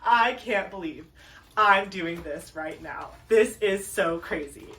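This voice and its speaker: A woman crafting vlogger chatting casually to camera while unboxing, gushing and excitable with lots of fillers. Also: fairly low pitch, slow pace. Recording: a bit distant from the mic, faint ambient noise.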